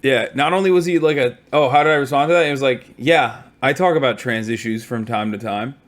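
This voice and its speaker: A tired man streaming from a hotel room, telling stories in a casual, profane, animated way. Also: mid-range voice, brisk. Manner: profane, animated storytelling with mock quotes.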